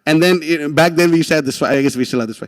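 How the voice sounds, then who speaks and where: Animated man telling a story in a hall. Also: fairly high pitch, rapid-fire. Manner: animated, with many restarts and laughs. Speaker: devotee giving a class. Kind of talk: casual storytelling talk.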